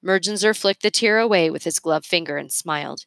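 A woman reads a children's chapter book aloud, her voice on the lower side and her delivery expressive and measured. The sound is close and very dry, with no room around it. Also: gravelly, dry recording. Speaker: reader. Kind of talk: reading a children's novel aloud.

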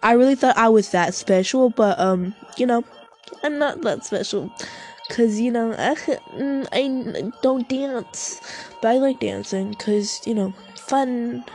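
Mellow-voiced young woman rambling. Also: fairly high pitch, unhurried, faint music behind. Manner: rambling, heavy swearing, self-mocking asides. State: short of breath. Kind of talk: casual rambling monologue.

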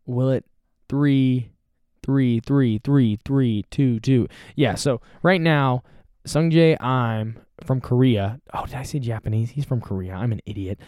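A young man hosts a loose solo podcast, rambling cheerfully and poking fun at himself. His voice is mellow and unforced, sitting at an ordinary pitch. The recording is dry and close. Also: measured pace, no echo. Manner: rambling, self-deprecating, chatty. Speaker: podcast host. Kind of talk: casual solo podcast monologue.

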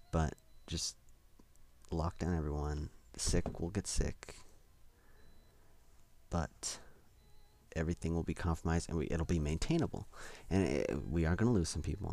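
A man's voice: very deep voice, creaky, a little mellow. A young man hosting a solo podcast, rambling and self-deprecating with lots of hesitations. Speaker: podcast host.

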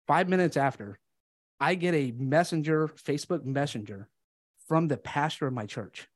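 A man's voice: on the high side, normal speed, no echo. A man guesting on a podcast, telling his story in a candid, earnest way and acting out the dialogue. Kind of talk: casual storytelling conversation.

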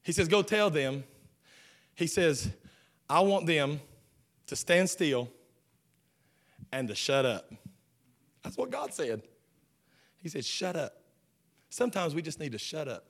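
High-voiced fervent man preaching. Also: big pitch swings. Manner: fervent preaching, swings from shouting to hushed; repeats words in quick restarts. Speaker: pastor. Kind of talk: sermon.

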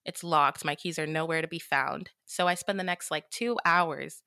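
A woman hosting a podcast, telling a story in an animated, chatty way with casual swearing and plenty of "like". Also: low voice, moderate pace, no echo, clean studio sound. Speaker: podcast host.

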